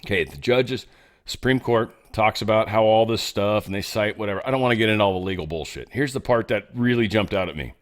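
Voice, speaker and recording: A man's voice: fairly low pitch, fast. A man hosting a podcast, giving casual commentary in a sarcastic, rambling way and swearing often. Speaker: podcast host.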